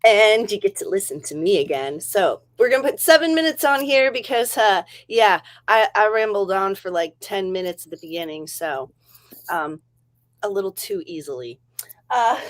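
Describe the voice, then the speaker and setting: A woman's voice: mid-range voice, sing-song, moderate pace. A woman hosting a casual writing livestream, chatty and rambling, laughing often between thoughts. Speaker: livestream host.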